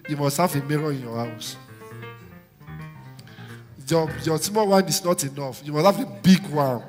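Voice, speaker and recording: A man's voice: a little high, a little mellow. A man preaching a sermon, exhorting his congregation and calling on them to repeat phrases after him. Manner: exhorting, call-and-response with congregation. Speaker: pastor. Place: large church hall. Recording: live church hall with long reverb.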